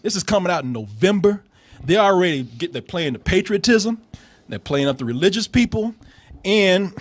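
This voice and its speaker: A man with a high, bright speaking voice riffs on a film trailer in casual studio chat. He swears freely, laughs often and stumbles over repeated words. The sound is close and dry, with no room around it. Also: dry recording. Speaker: film reviewer host.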